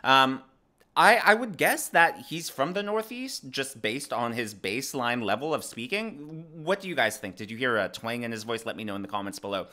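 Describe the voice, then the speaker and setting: A man's voice: medium pitch, moderate pace. A young man raised in the American South giving casual political commentary to his viewers, with lots of fillers and restarts. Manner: animated, frequent fillers and restarts.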